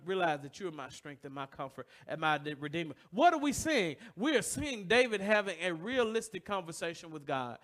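A man's voice: very high-pitched, fairly bright tone. A man preaching a sermon, asking the congregation to finish his sentences and building with emotion. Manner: call-and-response questions to the congregation; preaching with rising emotion and repetition. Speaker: pastor.

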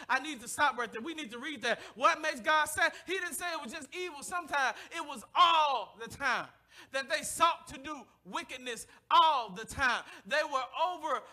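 Male pastor, high and sharp-toned, fervent sermon with shouts and hushed asides. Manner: impassioned preaching, swinging from shouts to hushed near-whispers; calls on the congregation to respond. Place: church service, streamed live.

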